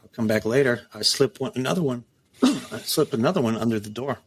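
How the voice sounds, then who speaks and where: A man's voice: medium pitch, a little fast, slightly rough. A middle-aged man, a former prison captain, telling war stories in a casual interview, swearing freely and acting out the dialogue. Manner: animated, profane, acts out quoted dialogue.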